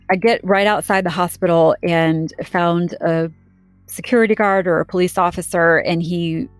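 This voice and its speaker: A woman's voice: lowish voice, no room sound. A woman recounting a frightening personal experience in an interview, speaking earnestly and with emotion, often quoting what others said. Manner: earnest, emotional storytelling with quoted dialogue. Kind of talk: conversational personal account.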